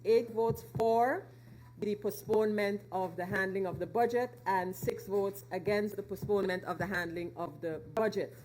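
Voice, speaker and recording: A female chair announces vote results and adjourns a parliamentary meeting in a steady, formal tone. A faint ambience of the chamber sits behind her. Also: medium pitch, normal speed, slight background noise, poor audio.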